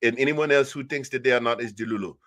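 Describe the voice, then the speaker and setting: A man voicing a pompous, overly formal gentleman who talks in stiff, elaborate wording, pitched well above his own voice. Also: fast, close to an everyday voice. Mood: mock-grand.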